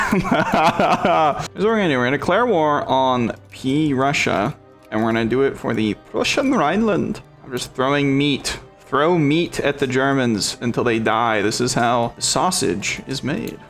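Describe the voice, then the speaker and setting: A man's voice: medium pitch, vocal fry, a bit bright. A man giving casual, irreverent commentary on a strategy game he is playing, joking and laughing as he goes. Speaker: gameplay commentator.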